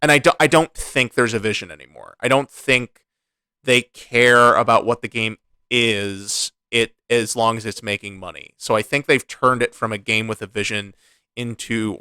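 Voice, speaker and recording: A man co-hosting a casual gaming podcast, ranting in a frustrated, animated way with many restarts. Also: fairly low pitch, moderate pace, smooth, dry recording. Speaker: podcast co-host.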